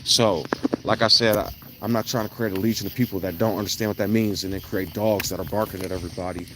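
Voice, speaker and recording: A man, talking in a rambling, blunt monologue that swings into loud, emphatic bursts. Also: lowish voice, steady tone, quick pace, noisy background. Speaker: vlogger. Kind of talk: casual monologue on an evening walk. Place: outdoors at night.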